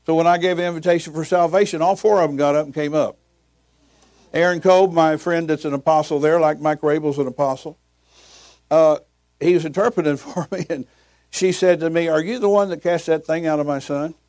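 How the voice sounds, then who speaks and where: Older man, pastor, folksy sermon storytelling, light chuckles, fairly high voice, dry sound. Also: fairly even intonation, fairly quick, darkish tone, no echo. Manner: folksy, chuckling between anecdotes.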